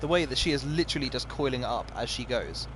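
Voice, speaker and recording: A man's voice: mid-range voice, expressive, fast, background noise. A man commentating live as he plays a video game, chatty and self-mocking, often talking to the game itself. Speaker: game streamer.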